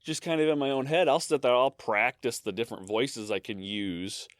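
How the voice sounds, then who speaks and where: A man co-hosting a casual podcast, talking in an animated way, swearing freely and restarting his sentences. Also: mid-range voice, moderate pace, dry recording. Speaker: podcast co-host. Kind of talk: casual chat.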